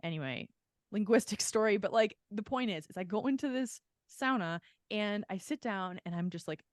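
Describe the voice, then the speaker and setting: A woman co-host talking frankly on a podcast in a loose, rambling way, sprinkling "like" through every sentence and swearing freely. Her voice sits at an ordinary middle pitch. The recording is close and dry, with no room sound. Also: lively intonation, normal speed, no echo. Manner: candid, rambling, heavy "like" filler, swears freely. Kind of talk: casual chat.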